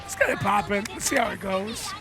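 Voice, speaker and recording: A male co-commentator trades relaxed, slangy banter over a fighting-game match. His voice is high and he speaks quickly. Music runs clearly underneath. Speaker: esports co-commentator.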